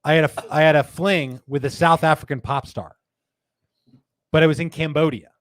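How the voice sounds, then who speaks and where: Animated, laughing middle-aged male host. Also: a little high, normal speed, slight background noise. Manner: animated, laughs often, reads viewer comments aloud. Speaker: podcast host. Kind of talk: casual live-show chat.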